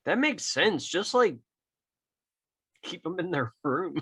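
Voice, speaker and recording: Give me a man podcast co-host with a bright, sharp voice making dry jokes in casual chat. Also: sits high, sing-song, slow pace, breathy edge. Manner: dry, joking, profane asides.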